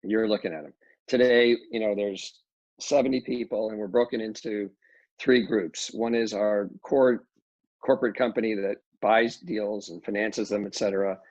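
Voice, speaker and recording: Gravelly middle-aged man, halting speech. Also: fairly low pitch, steady tone, darkish tone, dry recording. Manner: halting, many restarts and fillers. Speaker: real estate developer, guest. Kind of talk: casual interview talk. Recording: dull lo-fi dry audio.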